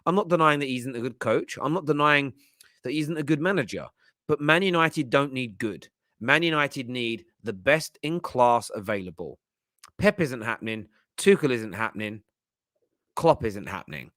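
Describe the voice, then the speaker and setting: Animated bright-voiced football host. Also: male voice, medium pitch, normal speed, no echo, studio quality. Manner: passionate, emphatic, repetitive. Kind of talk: animated fan commentary.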